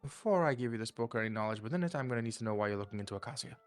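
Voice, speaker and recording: A man's voice: medium pitch, animated, rapid-fire, faint music behind, natural voice. A man doing a stammering nervous scholar. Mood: wary. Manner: stammering, flustered. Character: jittery male scholar hiding in tunnels.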